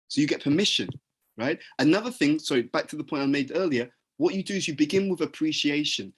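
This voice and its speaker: Man, leadership teacher, conversational talk, husky, slightly high-pitched. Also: fast talker. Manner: acts out example dialogues, frequent restarts.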